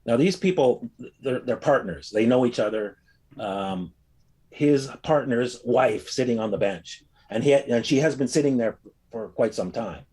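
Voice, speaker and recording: A man casually recounting a personal experience, telling it as a rambling, animated story with frequent fillers. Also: mid-range voice, unhurried, slightly rough. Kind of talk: casual anecdote.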